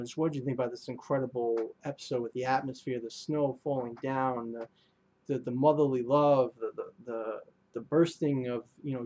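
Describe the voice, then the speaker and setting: A man's voice: mid-range voice, warm tone. A young man reviewing an anime episode in a casual, rambling way, full of fillers and restarts.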